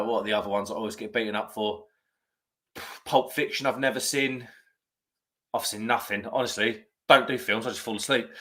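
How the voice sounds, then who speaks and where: A chatty man with a bright, forceful voice, hosting a casual live stream. He rambles, corrects himself mid-sentence and reads out comments as they come in. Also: mid-range voice.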